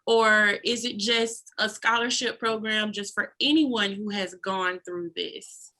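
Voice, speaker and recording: A woman's voice: medium pitch, fairly even intonation, slow pace, bright, forceful tone. A woman co-host, emotional and searching for words as she asks her questions. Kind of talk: interview chat.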